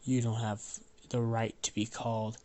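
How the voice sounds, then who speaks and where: A man's voice: medium pitch, flat delivery, normal speed, a little mellow, natural voice. A man with a cold voicing a stern, commanding father in a spoken story. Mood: harsh. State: has a cold. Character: stern harsh father of the clan.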